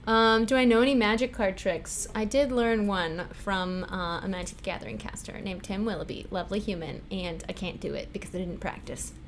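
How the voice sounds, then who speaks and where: A woman's voice: mid-range voice, normal speed, slight background noise. A woman hosting a casual livestream, chatting and giggling as she reads tarot cards for her viewers. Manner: giggly and chatty, answering chat. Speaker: livestream host.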